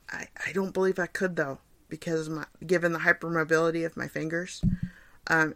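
A woman's voice: on the low side, vocal fry, sharp tone, dry recording. A woman in her forties hosting a casual solo podcast, chatty and self-deprecating, laughing often as she answers questions. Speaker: podcast host. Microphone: home recording setup.

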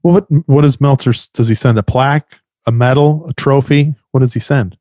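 A man's voice: mid-range voice, a little fast, dark tone, dry recording, clean studio sound. A man co-hosting a podcast, joking wryly and swearing casually. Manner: wry, joking, profane. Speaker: podcast co-host. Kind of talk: casual chat.

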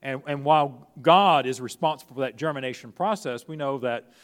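Preaching a little fast in a medium-pitched voice, a middle-aged male pastor keeps his sermon conversational. He restarts phrases often and performs quoted speech, and the recording carries a big-room sound.

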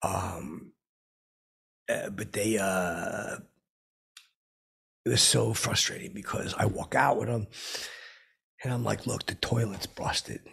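Man, middle-aged, rambling comic storyteller, deep gravelly voice. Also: slow, long pauses, fairly bright tone. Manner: rambling, full of fillers and profanity. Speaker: comedy podcast host.

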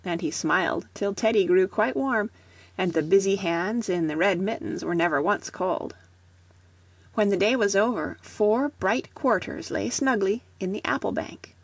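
A woman reads a children's storybook with gentle, even storytelling. Her voice is soft and breathy, and the close recording is completely dry, with no room sound at all. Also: mid-range voice, a little slow, no room sound. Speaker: audiobook reader.

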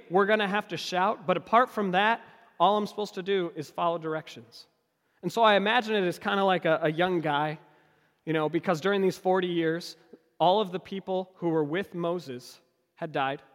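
A man preaching a sermon as a story, acting out the people in it with his voice rising high and dropping low. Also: big-room sound.

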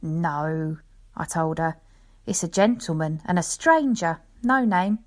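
A woman with a fairly low, animated voice performs as an elderly male lion tamer. Unhurried, in storybook-reading fashion, she tells his meandering, folksy story.

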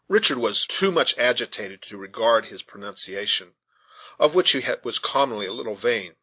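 A man reading a classic novel aloud with expressive, animated storytelling. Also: medium pitch, moderate pace, breathy edge. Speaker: audiobook narrator.

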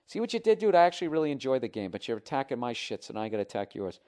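A man holds forth on his comedy podcast in a profane, combative rant. He works himself up into loud bursts, then drops into low, mumbled asides. His voice sits in an ordinary middle pitch. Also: very animated, rapid-fire. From United States. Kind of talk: ranting comedy podcast, reading listener emails.

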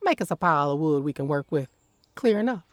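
An actress playing a guarded, sharp-tongued woman who lives alone in the woods, curt and commanding with a dry wit. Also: deep voice, lively intonation, fast, no echo. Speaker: the actress. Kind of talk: radio drama acting.

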